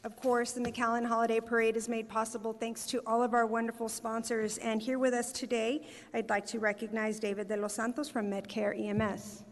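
A woman's voice: fairly high pitch, little pitch movement, brisk, few pauses. A woman from giving a formal welcome speech as a city communications director, upbeat and reading out names with small fillers. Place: performing arts center hall. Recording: long hall reverb.

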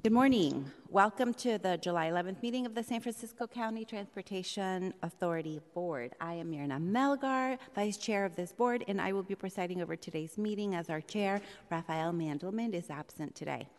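A woman presiding over a public board meeting as vice chair, speaking in a measured, polite way with a few fillers. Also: medium pitch, a little mellow. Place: legislative chamber in a city hall. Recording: long reverb of a large hall.

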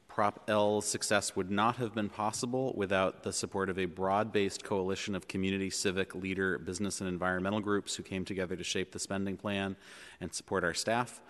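A man chairing a public board meeting, speaking in a measured way with frequent ums and uhs, in a large chamber. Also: low-pitched, a bit bright. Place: legislative chamber in city hall. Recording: long reverb of a large chamber.

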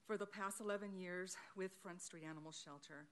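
Firm, lower-voiced woman volunteer. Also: brisk, slight background noise. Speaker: animal shelter volunteer giving public comment. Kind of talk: public comment speech. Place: council chamber.

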